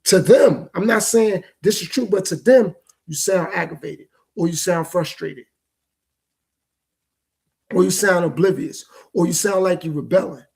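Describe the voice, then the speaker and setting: A man holds forth on his own podcast in a loose, circling, reflective monologue. His voice sits high for a man, with a gravelly, fried edge and a husky, breathy texture. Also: a little slow, a little mellow. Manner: loose, repetitive, reflective street-talk delivery. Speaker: podcast host. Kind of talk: casual solo podcast monologue.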